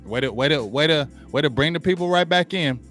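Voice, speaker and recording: A man's voice: fairly high pitch, expressive, fairly quick, a bit bright, faint music behind. Blunt, slangy man ranting about football. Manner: blunt, slangy, repeats himself for emphasis. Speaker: sports talk show host. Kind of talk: opinionated sports talk monologue.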